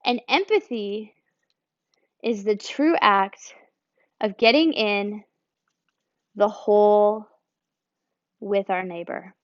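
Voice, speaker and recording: A woman's voice: mid-range voice, takes it slowly, pauses often, dry recording. A woman from the United States speaking as a church speaker in an informal teaching talk, conversational, and explaining with a drawn picture and acted examples. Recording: slightly dull lo-fi recording.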